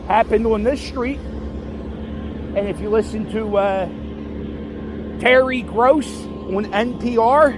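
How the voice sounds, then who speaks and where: A Philadelphia-area man walks a city street outdoors for a casual tour vlog, rambling and self-correcting in an offhand way. His high voice moves slowly with frequent pauses, over music. Faint street noise is present.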